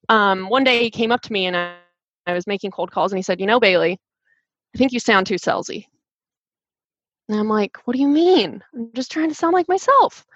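Animated woman talking shop, dull dry sound. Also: mid-range voice, dry recording. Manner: animated, fast, many restarts. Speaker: sales rep guest. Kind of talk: casual interview chat.

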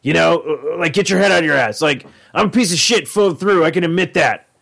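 A man co-hosting a podcast, talking casually in a rambling, profane, animated way. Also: fairly high pitch, fast talker, vocal fry. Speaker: podcast co-host.

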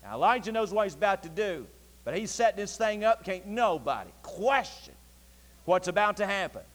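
A male preacher delivering a sermon in a folksy, animated storytelling manner with Southern dialect. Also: high-pitched, moderate pace. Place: church sanctuary. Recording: long church reverb.

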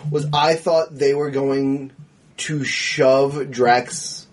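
Husky man chatting about movies. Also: medium pitch, drawn-out words. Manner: animated, swearing, acts out scenes. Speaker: podcast co-host. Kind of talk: casual movie discussion.

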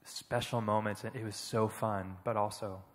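A man giving an earnest, reflective personal testimony as a panel speaker at church, often pausing and halting. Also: lowish voice, steady tone, in a large hall. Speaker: panel speaker, foster parent.

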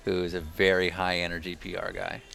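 Gravelly, deep-voiced co-host, quick and dry. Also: male voice, completely flat delivery. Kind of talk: casual chat.

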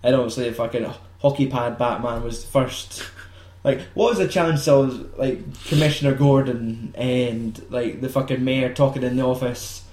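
Man, podcast co-host, sweary and giggly, mid-pitched, roomy echo. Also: moderate pace, a little mellow. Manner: sweary, laughing, acts out film lines in silly voices. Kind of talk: casual film chat.

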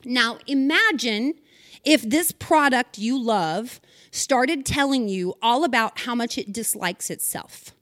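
A woman's voice: on the high side, animated, takes it slowly, a bit bright, dry recording, studio quality. A woman giving a folksy, chatty, sermon-style devotional talk to women, with teasing, emphatic asides.

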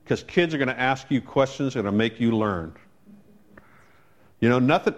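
A man preaching a sermon as a pastor, telling a personal story in a conversational way with wry asides. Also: mid-range voice.

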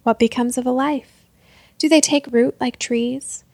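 A woman voicing a sly old male beggar who speaks in riddles, slow and half-whispered. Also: high voice, steady tone, darkish tone, no echo. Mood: musing, sly.

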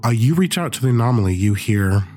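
A man narrating a tabletop game as game master, relaxed and loose with many fillers. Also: medium pitch, fast talker, a little hiss or hum.

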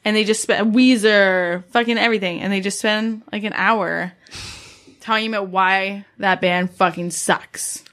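A woman co-hosting a podcast, talking casually and swearing freely as she rants. She laughs often and gets worked up. Her pitch sits in a middling range. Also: measured pace. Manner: profane, animated ranting with laughter. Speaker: podcast co-host. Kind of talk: casual chat.

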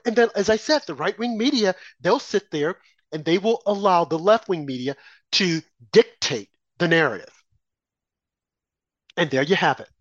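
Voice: medium pitch, no room sound. Indignant guest commentator, rhetorical questions, mocking impressions, dry close sound, slightly muffled. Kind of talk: heated opinion talk.

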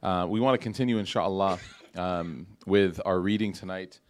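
A man's voice: low voice, moderate pace. A man giving a casual religious lecture to a live audience in a mosque hall, talking conversationally with many fillers and restarts. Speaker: Islamic lecturer.

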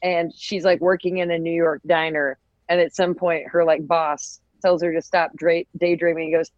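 A woman's voice: lowish voice, flat delivery, normal speed, no echo, highs cut off. A woman co-hosting a podcast, teasing the others and riffing in a wry, casual way. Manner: wry, teasing, riffs on accents. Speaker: podcast co-host.

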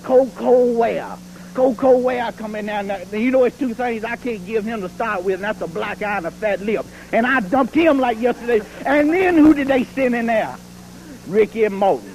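A man's voice: very high voice, normal speed, a little mellow, a little hiss or hum, poor audio. A man cutting a boastful, taunting wrestling promo in rhyming, preacher-like brags, heard from an archive TV clip. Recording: archive TV clip with cheering crowd.

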